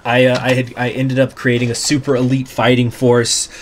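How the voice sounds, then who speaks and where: A young man hosting a gaming channel, musing and muttering through casual strategy game commentary, now and then bursting into loud mock outrage. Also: medium pitch, monotone, normal speed, soft background music.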